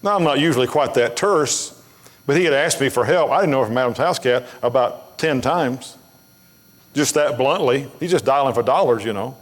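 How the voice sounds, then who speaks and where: At normal speed, a medium-pitched male pastor delivers a sermon of blunt, folksy stories that build toward emphatic preaching. It takes place in a church sanctuary, with the long reverb of a church hall.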